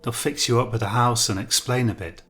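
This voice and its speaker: A man's voice: mid-range voice, fairly even intonation, fairly quick, a bit bright, close to an everyday voice. A man voicing a friendly, teasing young woman in a storybook reading. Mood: breezy. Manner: breezy, teasing.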